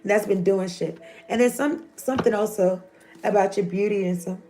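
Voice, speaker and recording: A woman's voice: mid-range voice, normal speed, warm tone, a little hiss or hum. A woman, giving a loose, joking, profane tarot reading. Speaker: tarot reader.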